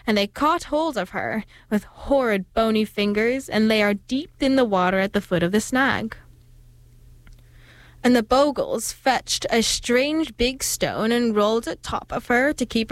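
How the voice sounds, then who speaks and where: A woman's voice: a little high, dry recording. Woman reading a folk tale aloud. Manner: steady, expressive storytelling. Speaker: storyteller.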